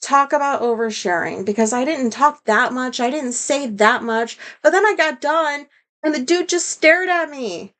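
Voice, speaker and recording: A woman's voice: high-pitched, expressive, moderate pace, fairly bright tone. A woman from the United States talking to camera in a casual storytelling monologue, rambling and candid, with lots of "like" and some swearing. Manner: rambling, heavy use of "like", candid, swears, self-deprecating. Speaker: vlogger.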